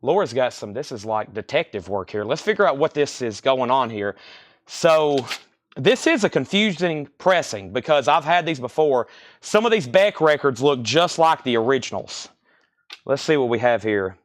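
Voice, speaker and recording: A man running a live online record sale, calling out bids, buyers and prices in a rapid, repetitive patter. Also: mid-range voice, sing-song, dry recording, studio quality. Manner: rapid-fire, repetitive calls of sales and prices. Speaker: live-stream record seller.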